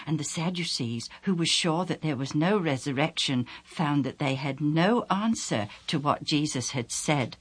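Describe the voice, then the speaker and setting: A woman storyteller narrating a story in an expressive reading manner. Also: low voice, normal speed, few pauses, slightly rough. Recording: music playing underneath.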